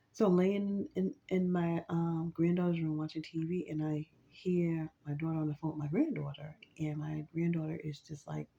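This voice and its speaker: Woman, grandmother, low gravelly voice, rambling casual storytelling, lo-fi recording. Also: mellow. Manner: rambling, lots of fillers and restarts. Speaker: vlogger.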